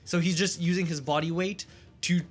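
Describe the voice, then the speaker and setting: Higher-voiced eager male player. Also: steady tone, soft background music. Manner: eager, hurried, restarts a lot. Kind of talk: casual tabletop play.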